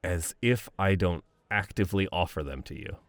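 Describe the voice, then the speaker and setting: A man's voice: low voice, normal speed, no echo. A young man playing a boyfriend in a romantic voicemail role-play, reminiscing fondly, laughing often and swearing casually.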